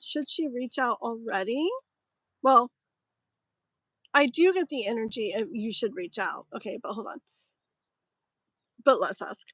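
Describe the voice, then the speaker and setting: A woman's voice: on the high side, animated, unhurried, pauses often, fairly bright tone, slightly rough, dry recording, rough recording. Chatty woman tarot reader, dry mic. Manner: rambling, filler-heavy, chatty. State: voice strained, clearing throat. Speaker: tarot reader streaming live. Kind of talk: casual live-stream chat.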